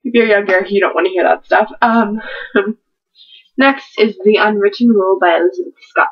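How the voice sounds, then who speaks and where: A teen girl vlogging at home talks to camera about her books, rambling hyper and giggly. Her voice is medium-pitched, slightly rough and at normal speed, over dull lo-fi webcam audio.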